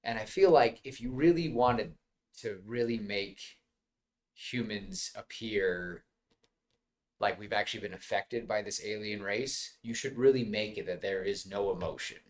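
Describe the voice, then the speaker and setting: A man's voice: on the low side, measured pace. A man co-hosting a podcast, chatting casually and rambling about a film, with frequent laughs and restarts. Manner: rambling, animated, laughs often. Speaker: podcast co-host. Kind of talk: casual movie chat.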